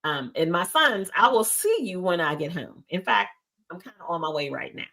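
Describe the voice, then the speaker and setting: Bright-voiced woman panelist. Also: lowish voice, lively intonation, moderate pace. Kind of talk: casual panel talk.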